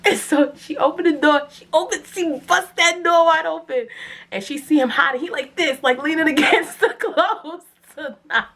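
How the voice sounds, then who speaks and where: A woman's voice: high voice, moderate pace. A woman, telling a personal story to the camera and acting out the quotes. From New York City. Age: 20s. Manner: animated, dramatic storytelling with acted-out quotes. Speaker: vlogger. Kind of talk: casual storytime.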